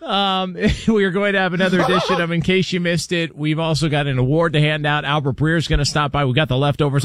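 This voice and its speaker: A man hosting a sports talk radio show, teasing what is coming up in a brisk, upbeat way on a studio mic. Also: fairly high pitch, fairly bright tone, no echo. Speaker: radio host.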